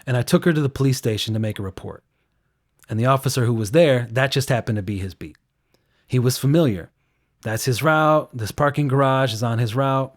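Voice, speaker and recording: A victim advocate recounts a case in this recorded interview clip, speaking earnestly and conversationally. He has a medium-pitched voice and talks fairly quickly.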